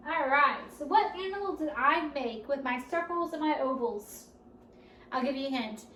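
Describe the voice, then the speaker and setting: A woman leading a children's storytime at a library, speaking slowly and encouragingly and asking the children questions as she goes. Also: high-pitched, expressive, a bit bright, a little hiss or hum. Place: library room. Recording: roomy, distant camera audio.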